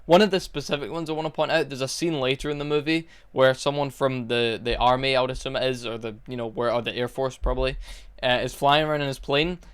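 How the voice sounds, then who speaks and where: A man's voice: medium pitch, fairly even intonation, fast talker, a bit bright, clean tone. A young man casually reviewing a movie, exasperated and mocking, rambling with fillers.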